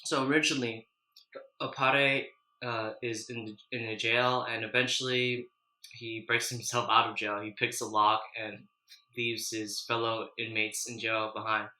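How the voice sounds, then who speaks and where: Guy talking while he eats spicy noodles, kinda bright voice, roomy echo, lots of "you know"s. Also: medium pitch, flat delivery, measured pace. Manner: chatty, loose, with frequent restarts and "you know". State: runny nose from spicy food, clearing throat. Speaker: mukbang vlogger. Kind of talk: casual mukbang chat and anime recap.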